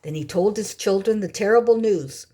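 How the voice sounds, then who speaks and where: A woman narrating a storybook in a slow, deliberate reading. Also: medium pitch, mellow. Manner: slow, deliberate, clear wording.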